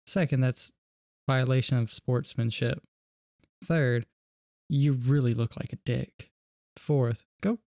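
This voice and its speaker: A man's voice: mid-range voice, slow pace, pauses often, darkish tone, dry recording, clean studio sound. A man in casual podcast chat, blunt and profane, ranting about sports rules.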